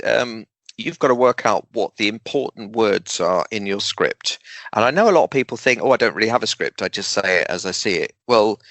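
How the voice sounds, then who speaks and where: A guest speaker and humorist talks in a casual interview, using animated emphasis, dry jokes and deliberate pauses. His voice is on the low side, with no echo.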